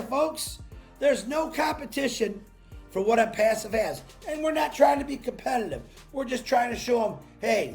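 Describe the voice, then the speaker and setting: Faint music plays behind a solo livestream host talking into his laptop mic. With a very high, gravelly voice, he greets viewers by name from chat and fires them up with an excited, salesy pep talk that breaks into shouts.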